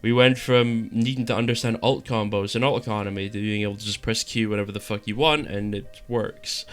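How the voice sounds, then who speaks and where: A man's voice: fairly low pitch, fairly bright tone, clear, resonant tone. A young man giving casual opinion commentary on a game, frustrated and rambling, restarting phrases and asking if you know what he means. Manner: frustrated, rambling with repeated restarts and filler questions. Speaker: gaming video creator.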